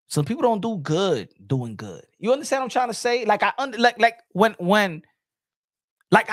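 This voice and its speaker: A man's voice: a little high, a bit bright, dry recording, clean studio sound. A man hosting a boxing podcast in a casual, blunt and profane rant, often repeating words as he restarts his thoughts.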